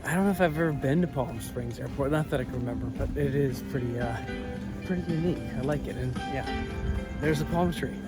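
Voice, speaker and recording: A man's voice: mid-range voice, fairly quick, music in the background. A man chatting casually as a travel vlogger, rambling and easily distracted, with dry joking asides. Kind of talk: casual vlog chat to camera.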